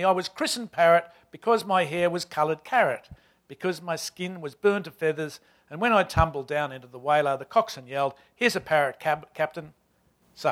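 A man in his sixties with an Australian accent reading aloud from a novel as a wry, proud older male servant narrating his life, in a lively, emphatic telling. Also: fairly high pitch, close to an everyday voice. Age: 60s.

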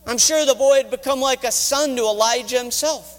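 A man's voice: extremely high pitch, expressive, moderate pace, few pauses, fairly bright tone. A middle-aged man, a college chaplain, retelling a Bible story in a dramatic sermon. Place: college chapel. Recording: reverberant chapel hall.

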